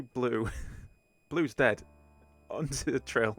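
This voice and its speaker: A man's voice: medium pitch, steady tone, drawn-out words, creaky, pauses often. A man running a tabletop game as game master, laid-back and chuckling often.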